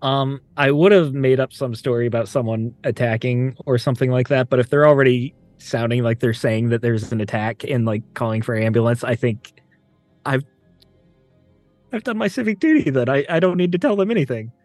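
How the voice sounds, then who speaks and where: A man's voice: medium pitch, brisk, a little mellow, no room sound, soft background music. A man playing a tabletop game, hesitant and checking details before he acts. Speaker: player.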